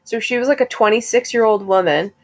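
A young woman co-hosting a casual chat, rambling and chatty with quick bursts of laughter. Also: a little high. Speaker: co-host.

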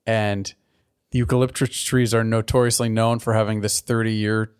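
A man's voice: lowish voice, flat delivery, moderate pace, clean tone. Rambling, laughing casual man. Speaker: podcast co-host. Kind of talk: casual chat.

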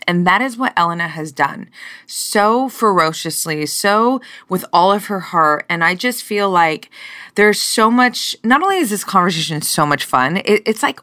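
A woman's voice: on the low side, bright, forceful tone. A woman hosting a podcast in casual chat, effusive and gushing, swearing freely as she talks. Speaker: podcast host.

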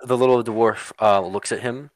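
A man's voice: medium pitch, fairly even intonation, moderate pace, no room sound. A man acting as game master, narrating a tabletop game in a rambling way with many fillers and casual swearing.

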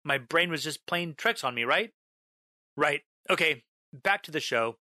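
A man tells a first-person horror story in a bright, clear voice, recorded close with no room sound. His delivery is dramatic, stretching out a haunting refrain and erupting into shouts as the tension mounts. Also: a little high, animated, dry recording. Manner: dramatic, slows down on a repeated line, bursts into yelling. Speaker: narrator.

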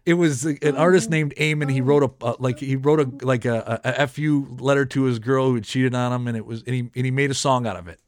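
A man's voice: medium pitch, steady tone, a little fast, few pauses. A man who hosts a podcast and has worked as a radio DJ, telling a story in casual chat with many restarts. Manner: rambling, many restarts and self-corrections.

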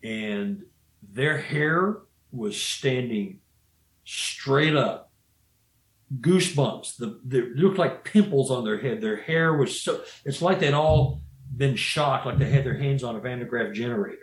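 A man's voice: medium pitch, measured pace. A man telling a story in a casual, rambling way, often restarting his sentences and saying "you know.". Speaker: guest storyteller. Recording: roomy echo.

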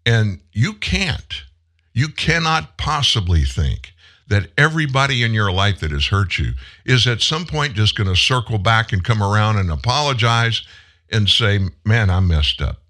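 A man in his seventies with a very low voice that swings widely in pitch. He hosts a show and talks in an earnest, heartfelt way, telling a personal story and pausing for emphasis. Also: animated, bright, forceful tone. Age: 70s. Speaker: show host. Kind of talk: personal monologue on a live commentary show.

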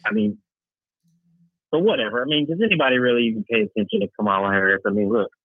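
A man's voice: on the low side, lively intonation, quick pace, no room sound. Sarcastic man on a tinny line. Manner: sarcastic, mocking, rambling asides. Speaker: podcast co-host. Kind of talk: casual sarcastic chat. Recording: dry, tinny phone-like line.

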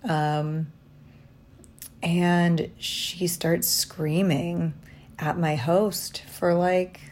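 Woman, low-pitched, slow, halting, exhausted, diary-style vlog. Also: level tone, a little hiss or hum. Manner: reflective, halting, soft-spoken. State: tired and sleep-deprived. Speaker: vlogger. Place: hotel room.

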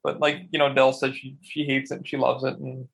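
A young man co-hosting a casual podcast about video games, animated and swearing freely as he acts out quotes. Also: mid-range voice, a little fast, gravelly, husky, poor audio. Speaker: podcast co-host.

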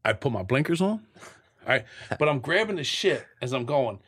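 A man with a husky, somewhat breathy voice at an average pitch talks as an interview guest. He tells his stories bluntly, swearing freely and acting out scenes with sound effects. He is middle-aged and speaks in a candid, storytelling way. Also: expressive, moderate pace, a bit bright.

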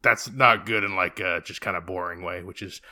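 Bright-voiced man rambling about movies. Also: sits low, normal speed. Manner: rambling, lots of fillers and restarts. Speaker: podcast host. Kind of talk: casual movie discussion.

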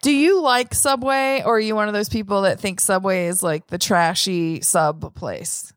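A woman's voice: mid-range voice, moderate pace, no echo. Playful woman podcast co-host. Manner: playful, teasing, uses many fillers. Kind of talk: casual chat.

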